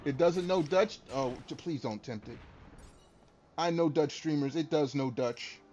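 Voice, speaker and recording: A man's voice: a little high, unhurried, darkish tone, a little hiss or hum. A man streaming a game and chatting casually with his viewers, joking, laughing and swearing freely. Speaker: streamer talking to chat. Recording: dull lo-fi stream audio with faint music.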